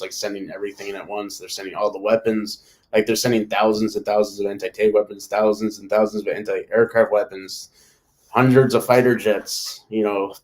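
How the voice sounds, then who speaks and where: A man's voice: on the low side, a little mellow. A man hosting a casual live discussion, talking in a rambling way and filling his sentences with "like" and "you know.". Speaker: host.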